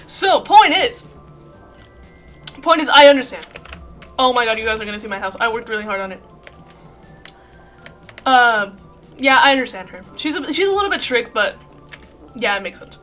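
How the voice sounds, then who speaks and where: Woman streamer, rambling casual chat, bright tone, laughs and swears often. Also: a little high, sing-song, moderate pace, pauses often, faint music behind. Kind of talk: casual chat while playing a game.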